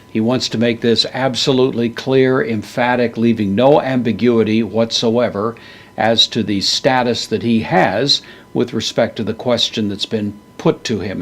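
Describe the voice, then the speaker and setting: A middle-aged man giving a verse-by-verse Bible lesson, measured, slowing down to stress quoted words. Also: mid-range voice. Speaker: Bible teacher.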